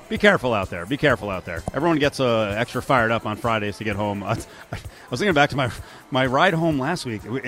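Male radio host, casual and animated banter. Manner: animated, mocks quotes in high voices, laughs. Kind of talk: casual sports talk radio.

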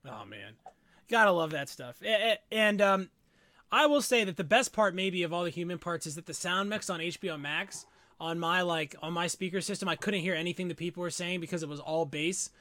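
A man co-hosting a casual movie review podcast, animated and jokey, often mimicking lines from the film. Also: high-pitched, fairly quick, no echo. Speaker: podcast co-host.

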